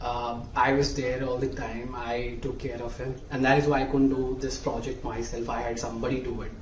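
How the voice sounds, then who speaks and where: A man's voice: mid-range voice, flat delivery, voice pushed down, natural voice. A man voicing a flustered young student who stumbles and then pleads for secrecy. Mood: pleading. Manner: halting, pleading. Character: flustered young male student cheating on a project. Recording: roomy, distant mic, faint hiss.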